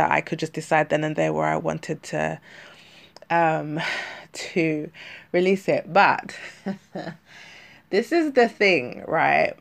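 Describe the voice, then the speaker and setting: A woman's voice: sits low, gravelly. A woman from London with a London accent and a slight lisp, rambling chattily through a solo podcast with many fillers and self-corrections. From London, England. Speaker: podcast host.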